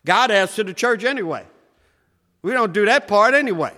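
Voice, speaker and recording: A man preaching a sermon, shouting at times and swinging between loud and soft. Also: expressive, moderate pace. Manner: preaching with shouts and wide swings in pitch and loudness. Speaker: pastor. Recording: echoey hall.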